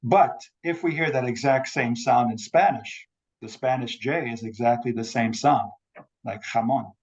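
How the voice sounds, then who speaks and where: A man giving an academic talk over a video call, measured and explanatory. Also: medium pitch, darkish tone, lo-fi sound. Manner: measured lecturing, quotes examples. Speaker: academic speaker. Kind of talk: online forum talk.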